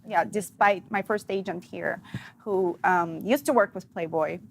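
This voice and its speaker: A woman's voice: on the low side, measured pace, vocal fry, a little hiss or hum. Russian-accented woman telling stories. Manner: chatty storytelling, laughing often. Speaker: guest, actress and comedian. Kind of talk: casual interview chat.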